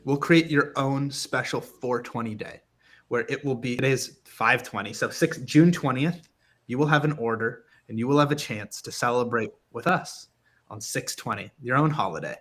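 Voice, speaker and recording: A man's voice: medium pitch, normal speed, a bit bright, soft background music. A man co-hosting a casual talk show, joking and laughing often as he reacts to comments. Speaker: co-host. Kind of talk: casual podcast chat.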